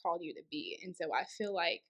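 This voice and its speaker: Young woman on a faith podcast, thinking out loud, lots of likes and ums. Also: fairly low pitch, a little fast. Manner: thoughtful, rambling with many fillers and restarts. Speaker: podcast guest. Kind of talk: casual faith chat.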